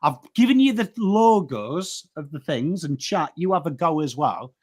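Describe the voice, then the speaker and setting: An English man co-hosting a casual football chat, animated and rambling, often restarting his sentences. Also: on the high side, normal speed, slightly rough. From England. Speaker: co-host.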